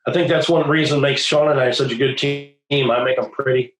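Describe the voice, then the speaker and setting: A man's voice: mid-range voice, soft background music. Joking male co-host in an echoey room. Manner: relaxed, quick affirmations, joking. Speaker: podcast co-host. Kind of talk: casual chat. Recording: roomy echo.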